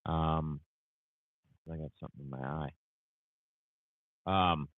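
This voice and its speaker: A man's voice: rumbling low, takes it slowly, no room sound. A man who runs a landscaping business, talking casually on a livestream, tired and yawning, rambling with lots of fillers. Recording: tinny phone-like audio.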